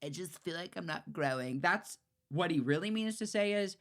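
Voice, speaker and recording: A woman's voice: on the low side, expressive, normal speed. A woman co-hosting a podcast, chiming in with teasing, wry remarks in casual chat.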